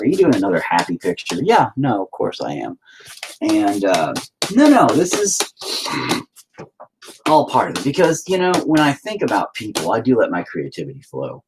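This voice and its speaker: A man's voice: fairly low pitch, slight background noise, poor audio. A man chatting casually and crudely while he paints, rambling and joking with lots of swearing. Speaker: painter streaming his work.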